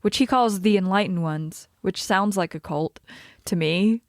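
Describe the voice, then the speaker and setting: Female podcast co-host, mid-pitched, giggly and emphatic, dry close mic. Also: no echo. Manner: giggly, quick to laugh, emphatic. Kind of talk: casual chat.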